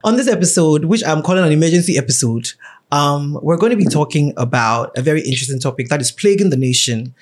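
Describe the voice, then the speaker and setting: A young man with a Ghanaian accent hosts a podcast in an easy, playful way. His voice sits a little high for a man, and he laughs often as he chats. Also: expressive, fast. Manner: chatty and playful, laughs often, switches into a mock radio voice. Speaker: podcast host. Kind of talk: casual chat.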